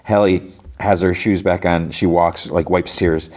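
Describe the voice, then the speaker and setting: Low-voiced man recapping a show. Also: steady tone, measured pace, darkish tone. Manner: rambling retelling of scenes, heavy use of "like". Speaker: podcast host. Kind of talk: casual episode recap.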